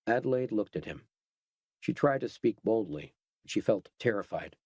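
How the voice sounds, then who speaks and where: A man giving steady, scripted narration of a horror audiobook. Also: lowish voice, normal speed, slightly rough, no echo.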